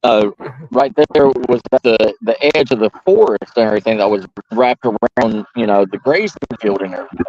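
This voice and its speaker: A young adult man from Georgia, telling a long story at a firepit in a halting, rambling way with many restarts. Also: fairly low pitch, darkish tone, lo-fi sound, slight background noise. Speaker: storyteller host. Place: outdoors by a firepit.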